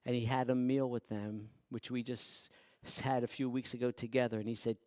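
A man preaching a sermon who swings from hushed, quiet passages to loud, emphatic ones. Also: medium pitch, steady tone, brisk, few pauses, dry recording, clean studio sound. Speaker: pastor.

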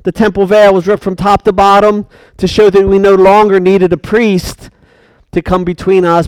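A man's voice: sits high, little pitch movement, moderate pace, darkish tone, clear, resonant tone, no echo. A man preaching a sermon, emphatic and questioning his congregation.

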